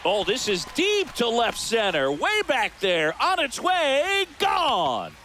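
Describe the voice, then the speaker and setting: A man voicing a male baseball play-by-play announcer for a video game, calling each pitch crisply and excitably. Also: slow, full character voice. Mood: lively. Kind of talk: scripted video game commentary. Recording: game audio with background noise.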